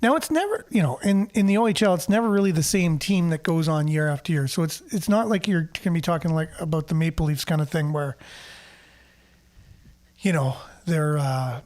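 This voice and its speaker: A man's voice: on the high side, brisk, a little mellow. A man hosting a casual local news show, chatting and reading the news aloud with asides and fillers. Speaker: host.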